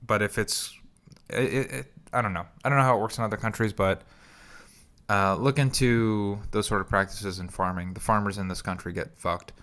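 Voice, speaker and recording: Podcast guy rambling thru stories, bright crisp voice, does little bits of voices. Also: fairly low pitch, steady tone, moderate pace. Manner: rambling storyteller, acts out quoted voices. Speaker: podcast host. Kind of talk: casual chat.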